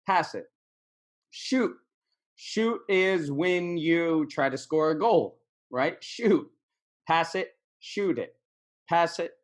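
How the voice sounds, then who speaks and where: A man's voice: a little high, fairly bright tone. A man teaching English in a casual video lesson, repeating words and phrases for practice.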